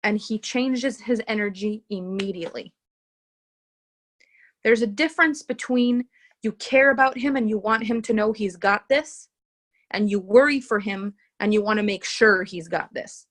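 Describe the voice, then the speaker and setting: A woman's voice: mid-range voice, measured pace. A woman relationship coach talking to her group in a live session, earnest and emphatic, repeating her key phrases. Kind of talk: live coaching session, reading out viewer comments.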